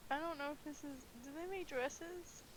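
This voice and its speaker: A high-voiced woman plays her character in a tabletop game and talks in a casual, playful way. She often hesitates as she works out what to say. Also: moderate pace, crowd noise, poor audio. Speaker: player. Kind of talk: casual tabletop role-play.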